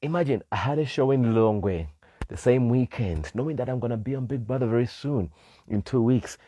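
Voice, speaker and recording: A man DJ from Malawi telling a personal story in casual chat, animated, laughing often and acting out the people he quotes. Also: mid-range voice, fairly quick, no echo. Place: live stream.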